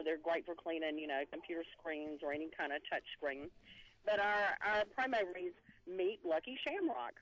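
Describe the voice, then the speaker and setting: A cheerful woman from the Southern US phones a radio show. She is bright-voiced and chatty. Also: deep voice, highs cut off. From Southern United States. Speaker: caller.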